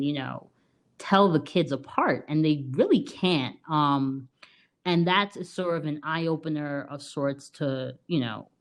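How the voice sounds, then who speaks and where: Low-voiced chatty woman podcaster. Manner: chatty, many "like" and "you know" fillers, laughs often. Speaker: podcast co-host. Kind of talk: casual film review.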